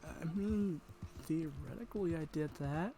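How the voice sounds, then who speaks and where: A man's voice: a little high, unhurried, creaky, warm tone. A man co-hosting a game stream, chatting in a teasing, laid-back way. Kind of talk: casual gaming chat.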